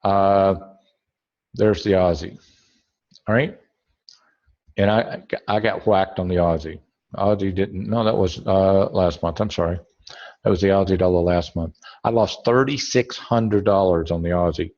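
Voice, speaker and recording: A lower-voiced man walks through his trading charts in a webinar lesson, thinking aloud and often correcting himself. The audio is muffled and lo-fi. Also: fairly even intonation, measured pace, long pauses, darkish tone. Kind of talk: screen-share trading tutorial.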